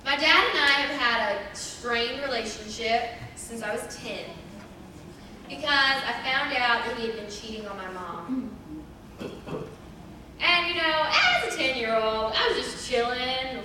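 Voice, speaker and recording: A bright, clear young woman tells her personal story to a congregation in a casual, animated way, scattering "like" through her sentences. Her voice sits a little high. It rings through a very echoey church hall, picked up from a distance with a faint hiss underneath. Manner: chatty and animated, full of "like" fillers. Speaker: church member sharing testimony. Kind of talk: personal testimony told to a congregation.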